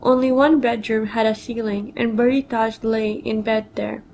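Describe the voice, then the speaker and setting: A woman's voice: a little high, steady tone, normal speed, vocal fry, darkish tone, a little hiss or hum, poor audio. A woman reading a personal memoir story aloud, telling it plainly and quoting others in her own voice.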